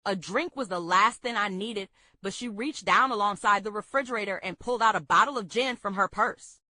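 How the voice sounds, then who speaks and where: A woman's voice: medium pitch, no echo. Woman reading a memoir aloud. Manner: steady, measured reading. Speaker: book club reader.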